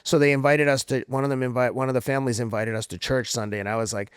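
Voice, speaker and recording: A man's voice: medium pitch, rapid-fire, clean tone, no echo, studio quality. A middle-aged man from Somerville, Massachusetts, hosting a casual chat and telling stories with acted-out voices. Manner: animated storytelling, acts out quoted voices. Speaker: podcast host.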